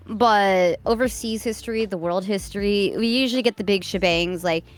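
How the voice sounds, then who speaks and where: A woman streamer chatting casually on a live stream, telling stories in a giggly, animated way. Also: medium pitch, normal speed, soft background music.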